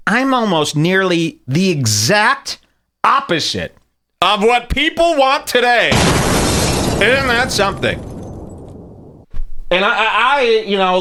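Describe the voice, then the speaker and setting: A man's voice: high-pitched, sharp tone, slight background noise. A man hosting a podcast, ranting in a crude, mocking, sarcastic way. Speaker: podcast host. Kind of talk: ranting casual talk.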